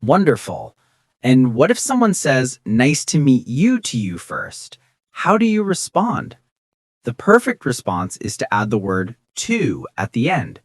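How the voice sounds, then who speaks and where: With huge swings in pitch, an English teacher encourages beginners through a scripted lesson, pronouncing example phrases slowly and clearly. The audio is dry and close, free of any room echo.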